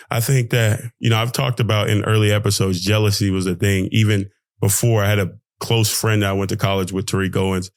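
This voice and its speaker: A man's voice: mid-range voice, no room sound. A young man hosting a podcast, giving an emphatic, preachy motivational monologue full of slang, with his voice swinging up and down. He talks close to the mic. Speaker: podcast host, pro basketball player.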